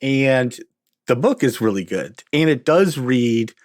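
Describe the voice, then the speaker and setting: A man's voice: mid-range voice, expressive, slow pace, a little mellow, no room sound, studio quality. A man hosting a podcast, speaking in an easygoing, casual way as he wraps up the show. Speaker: podcast host. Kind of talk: casual conversation.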